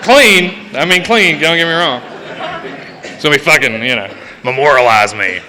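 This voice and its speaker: A man's voice: a little high, normal speed, crowd noise. A man sharing a personal recovery story at a meeting, profane and self-mocking, laughing at himself as he talks. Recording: reverberant hall.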